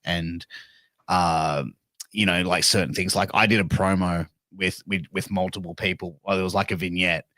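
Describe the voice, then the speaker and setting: A middle-aged man with an Australian accent talks bluntly and swears freely as he rambles through backstage stories. His voice sits low, and the sound is dry and close to the mic, with no room around it. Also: fairly even intonation, moderate pace, sharp tone, no echo. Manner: blunt, profane, rambling storyteller. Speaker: podcast guest, wrestling manager. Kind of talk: casual interview chat.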